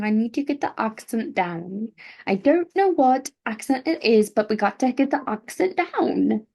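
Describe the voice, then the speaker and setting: A woman's voice: fairly high pitch, lively intonation, measured pace, gravelly, a little mellow. A woman hosting a book podcast, reading a novel aloud casually at home at night, with stumbles, self-corrections and chatty asides.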